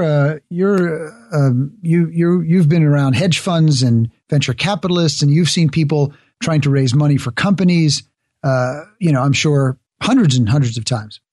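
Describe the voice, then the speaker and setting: Earnest man with a higher voice. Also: a little mellow, no room sound, clean studio sound. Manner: earnest, explains ideas through examples. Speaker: guest author and speaker. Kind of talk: conversational interview.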